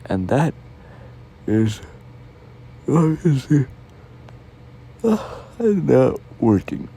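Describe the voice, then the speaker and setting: A young man in a whispered role-play as a tired, sweet boyfriend, yawning, giggling and talking slowly. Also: mid-range voice, big pitch swings, gravelly, mellow, husky. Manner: sleepy, yawning, affectionate and giggly.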